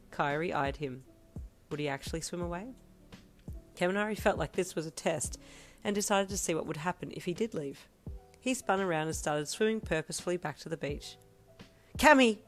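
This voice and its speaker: A woman reads a fan fiction story aloud, calm and steady. Her voice is low, and faint music plays underneath. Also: a little fast. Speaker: reader.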